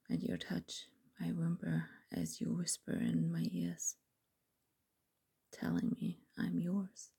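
A young adult woman telling an intimate first-person story in whispered role-play, slow and breathy. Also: sits low, warm tone.

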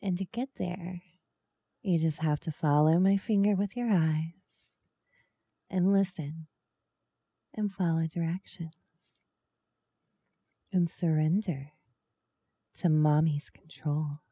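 A woman in whispered role-play, speaking softly and coaxingly, with teasing murmurs close to the microphone. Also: deep voice, no echo. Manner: soft, slow, coaxing and teasing, with breathy murmurs. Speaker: ASMR role-play performer.

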